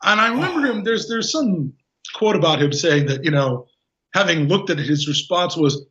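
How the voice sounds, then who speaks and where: Male podcast guest, high-pitched, animated sarcastic delivery, dull lo-fi recording. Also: moderate pace. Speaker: podcast guest, game designer. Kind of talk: casual film discussion. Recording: dull lo-fi audio.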